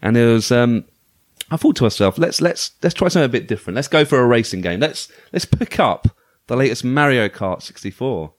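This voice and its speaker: A man's voice: mid-range voice, animated, a little fast, no room sound. A man hosting a casual podcast chat about retro video games, talking with enthusiasm and frequent restarts. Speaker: podcast host.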